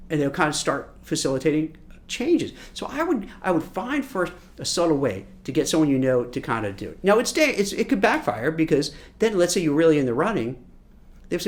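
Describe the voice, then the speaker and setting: Lively recruiter man giving career advice. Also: fairly high pitch, a little fast. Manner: animated, acts out imagined dialogue. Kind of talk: casual advice talk.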